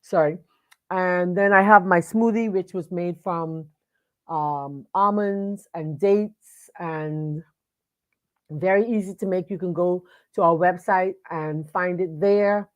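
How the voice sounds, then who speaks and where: A woman with a slightly low voice hosts a live online show from her computer. She talks in a casual, chatty way, stopping to greet viewers by name, with plenty of fillers and restarts. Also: slow pace. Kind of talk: casual live-stream talk. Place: home studio at a computer.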